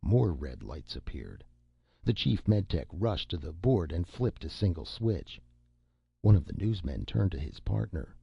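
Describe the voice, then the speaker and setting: Male audiobook narrator, gravelly low voice, dry and a bit dull lo-fi sound. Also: expressive, normal speed, no room sound. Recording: dull lo-fi recording.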